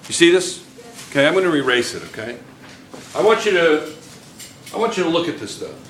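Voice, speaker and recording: A man teaches chemistry at a whiteboard, repeating himself and checking in often with students. His voice is a little high and a bit bright, brisk, with big pitch swings. A camera in the room picks him up from afar, with echo and faint room noise.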